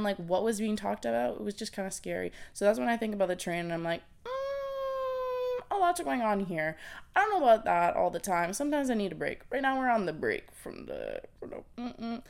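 A woman's voice: medium pitch, very animated, brisk, gravelly. Chatty young woman podcast host. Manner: chatty and bubbly, with frequent likes and yeahs. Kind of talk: casual chat.

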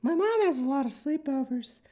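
A man's voice: lively intonation, moderate pace, warm tone. A man voicing a chatty little girl who speaks sweetly and bluntly, with a stuffy cold. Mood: innocent. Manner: high, sweet, matter-of-fact.

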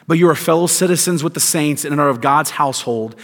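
A man preaching a sermon as pastor, emphatic, with rhetorical questions and deliberate stresses. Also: fairly high pitch, fairly bright tone. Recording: long hall reverb.

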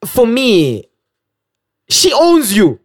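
Lively, animated man telling stories. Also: very high voice, very slow, no echo, studio quality. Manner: animated storyteller, laughs often. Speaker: podcast co-host. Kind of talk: casual chat.

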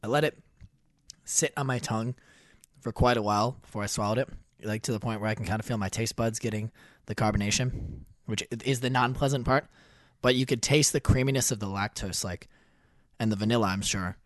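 A man's voice: on the low side, a little fast. A man hosting a podcast, chatting casually and explaining things at length during a beer tasting. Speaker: podcast host.

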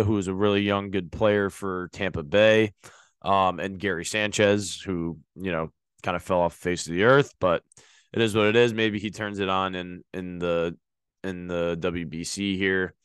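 A man's voice: low voice, clear, resonant tone, dry recording. A man hosting a sports podcast, talking casually and rambling with many fillers and restarts. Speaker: podcast host.

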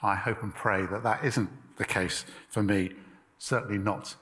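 A man preaching a sermon in a measured, emphatic way, with pauses. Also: on the low side, steady tone, fairly bright tone, long reverb tail.

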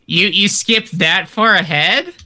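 A man's voice: sits high, slow pace, sharp tone. A man co-hosting a podcast, chatting casually and teasing a friend with dry asides. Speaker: podcast co-host.

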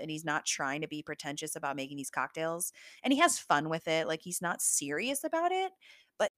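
A woman hosting a solo podcast in a relaxed, gushing way, her voice sitting a little low. She fills her sentences with "like" and drops the odd casual swear. The sound is dry and close, with no room echo. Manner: chatty, gushing, peppered with "like" and swearing. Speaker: podcast host.

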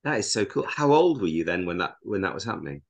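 A man's voice: deep voice, sing-song, quick pace, vocal fry, muffled recording. A man hosting a podcast, asking questions with eager enthusiasm and stumbling over repeated words. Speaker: podcast host. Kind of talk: casual interview chat.

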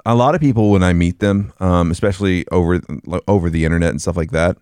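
A man from the American South with a very low voice chats casually as a podcast co-host. He talks in a relaxed, halting way, often restarting his sentences. The sound is close and dry. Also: smooth, dry recording. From Southern United States. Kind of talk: casual chat.

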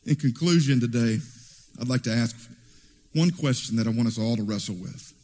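A man preaching a sermon in an animated storytelling way, heard in a church hall with reverb. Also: mid-range voice, moderate pace, slight background noise. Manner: animated storytelling with acted quotes.

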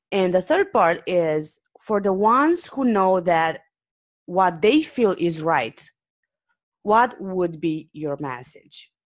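A woman hosts a podcast as an author. Her voice is animated, with a wide pitch range. She speaks in a measured way and builds structured questions. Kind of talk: hosting an interview podcast.

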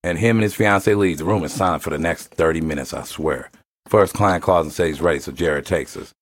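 A man hosting a casual show, reading a story aloud with lively, profane delivery and frequent laughter. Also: sits low, a little fast. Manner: animated, laughs often, acts out quotes; profane, slangy.

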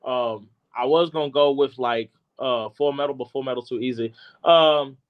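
A man's voice: mid-range voice, moderate pace, muffled recording. A man on a casual panel, talking animatedly in slang and acting out bits of scenes. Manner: animated, slangy, acts out quotes.

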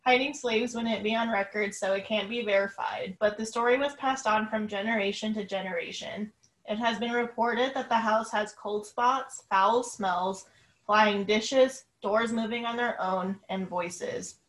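A woman co-hosting a casual podcast, reading her research notes on a haunted house in a soft, chuckling way. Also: mid-range voice, steady tone, a little slow. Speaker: podcast co-host. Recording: echoey room.

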